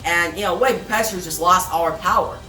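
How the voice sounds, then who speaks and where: A woman's voice: on the low side, brisk, sharp tone. A woman casually reviewing a comic book and recapping its plot, chatty, with many fillers and asides to viewers. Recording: roomy, distant mic, faint music.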